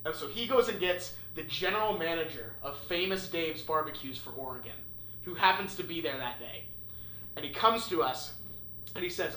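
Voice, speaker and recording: Young man, animated storyteller, bright forceful voice, echoey room. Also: a little high, moderate pace. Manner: animated, swearing, acts out voices. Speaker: podcast host. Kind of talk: casual storytelling. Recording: echoey room with faint noise.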